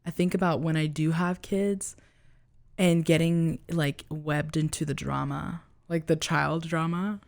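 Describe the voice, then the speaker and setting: Low-voiced young woman, chatty. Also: steady tone, creaky. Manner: chatty, drawn-out, filler-heavy. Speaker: podcast co-host. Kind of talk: casual chat.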